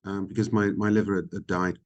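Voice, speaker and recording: Low-voiced man, frank and halting. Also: level tone, a little mellow, lo-fi sound. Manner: reflective, frank, halting with frequent ums. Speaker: podcast guest. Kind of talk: candid interview conversation.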